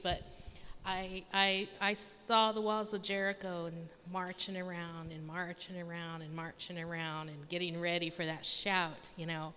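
A woman gently sharing a personal spiritual experience with a church group. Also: on the low side, flat delivery, normal speed, a little hiss or hum. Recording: long hall reverb with faint ambience.

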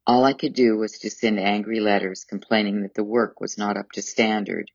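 A man narrating a memoir audiobook in a measured, formal storytelling manner. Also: fairly low pitch, fairly even intonation, creaky, no echo, dull audio.

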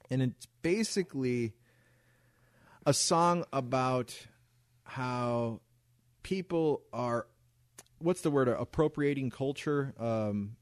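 A man co-hosting a podcast in casual chat, rambling and restarting his sentences, getting animated when he argues a point. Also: medium pitch, no echo, studio quality. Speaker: podcast co-host.

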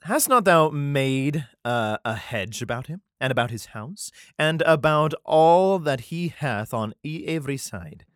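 A man's voice: fairly high pitch, expressive, unhurried, few pauses, clear, resonant tone, no echo, clean studio sound. A man voicing a skeptical male Satan with a put-on Scottish accent, speaking in mocking, archaic scripture phrasing.

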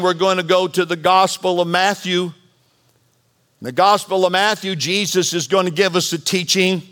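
A man preaching a sermon as pastor, animated and bantering with the congregation. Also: sits high. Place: church sanctuary.

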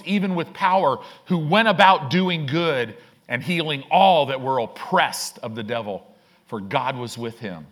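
A man's voice: on the high side, fairly bright tone. A male pastor preaching a sermon, emphatic, often checking in with the congregation for agreement.

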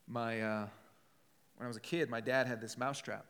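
A man preaching a sermon at a medium pitch. He talks conversationally and tells stories, slipping into quoted voices as he goes. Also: fairly even intonation, normal speed, a bit bright. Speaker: pastor.

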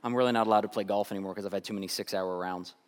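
A man's voice: lowish voice, steady tone, racing. A male pastor giving a conversational sermon, telling stories and often restarting and repeating his words. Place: church sanctuary. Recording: long reverb.

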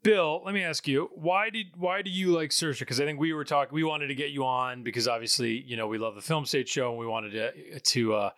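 A man's voice: medium pitch, fairly quick, hardly any pauses, a bit bright, no room sound, studio quality. A man hosting a podcast in casual chat, rambling and correcting himself as he goes. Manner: rambling, self-correcting, chatty. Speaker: podcast host. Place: at home in Pittsburgh, remote call.

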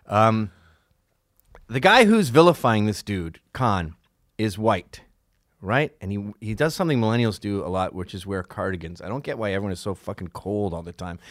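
A man's voice: sits low, dry recording, clean studio sound. A middle-aged man hosting a solo podcast, ranting in a profane, sarcastic way. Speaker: podcast host.

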